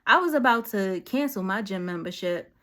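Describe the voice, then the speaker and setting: A woman's voice: medium pitch, lively intonation, normal speed, pushed and bright. A woman giving casual, slangy encouragement straight to her viewers, talking directly like a friend with a message. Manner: conversational, slangy, direct and preachy. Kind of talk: casual motivational talk to camera.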